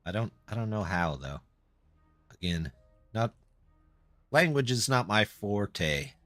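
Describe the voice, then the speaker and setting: A man's voice: on the low side, very animated, slow pace, fairly bright tone, dry recording, soft background music. A man live-streaming a game and chatting casually with viewers, answering their comments in a loose, self-deprecating way. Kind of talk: casual live-stream chat while gaming.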